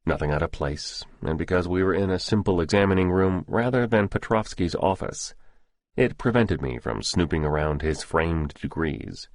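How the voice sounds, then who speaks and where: A man narrating a first-person thriller audiobook in a measured, steady storytelling manner. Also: low voice, dry recording, studio quality.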